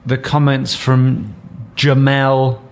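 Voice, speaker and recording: A man's voice: medium pitch, level tone, slow. Dry-humoured man hosting a casual podcast. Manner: leads the talk, dry joking asides. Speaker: podcast host.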